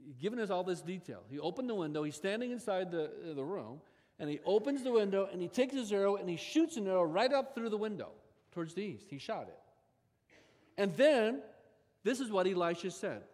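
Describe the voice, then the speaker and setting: A man with a notably high voice preaches a sermon with big, expressive swings in force and pitch. The sound carries a long reverb from a large church sanctuary. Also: normal speed. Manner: expressive preaching with sharp rises in pitch and volume. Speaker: pastor.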